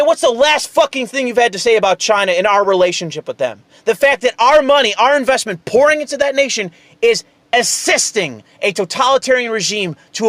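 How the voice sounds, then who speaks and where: Heated male commentator, high-pitched, sarcastic and profane, recorded dry and close. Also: a bit bright, no room sound. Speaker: political commentary host. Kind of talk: angry political rant.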